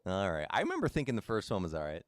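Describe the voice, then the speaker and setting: A young man with a low, deep voice chats easily with his viewers while he streams a game. He is laid-back and talkative, calling people in the chat by name. The sound is dry and close, with no room echo. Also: huge pitch swings, very fast. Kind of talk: casual live-stream chat.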